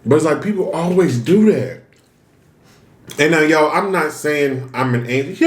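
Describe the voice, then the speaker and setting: A man's voice: a little high, animated, measured pace, reverberant. A man chatting casually to viewers while eating, venting and asking rhetorical questions. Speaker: mukbang vlogger. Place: room, eating on camera.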